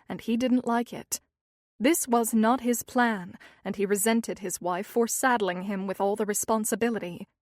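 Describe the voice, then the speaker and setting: A woman reads a thriller audiobook in an even, measured narration. Her voice sits slightly high, and the recording is dry and close, with no room sound. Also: dry recording.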